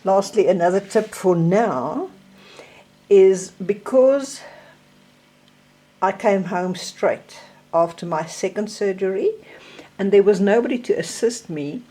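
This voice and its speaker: A woman's voice: medium pitch, dark tone. An older South African woman with a South African accent, showing and explaining her hip surgery recovery tips in a casual, chatty way. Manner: slow, chatty, demonstrating objects. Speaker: vlogger sharing recovery tips. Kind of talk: casual show-and-tell.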